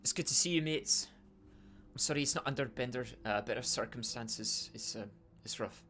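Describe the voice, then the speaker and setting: A man's voice: medium pitch, normal speed, sharp tone, a little hiss or hum, lightly acted. A man voicing a female dwarf noble with a Scottish accent, speaking in a hesitant, rambling way.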